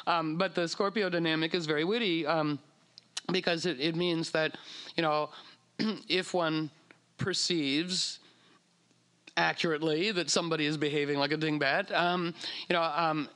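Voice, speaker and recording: Animated man telling stories. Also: fairly high pitch, moderate pace, long pauses, clean tone. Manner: animated, acts out quoted voices, many fillers. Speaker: speaker on astrology. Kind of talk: casual talk to an audience.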